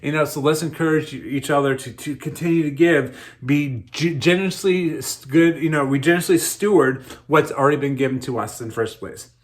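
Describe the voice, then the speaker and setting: A man's voice: on the high side, a little fast. A man in his thirties preaching a sermon in a conversational way, often repeating words as he starts his sentences. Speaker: pastor.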